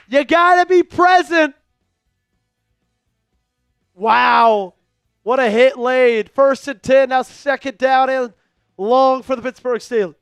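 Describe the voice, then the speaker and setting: A man's voice: extremely high pitch, fairly bright tone, smooth. A man hosting a fan live stream, running a raffle and calling plays from a game in a casual, hyped way. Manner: hypes donors and raffle, calls the game. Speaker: livestream host.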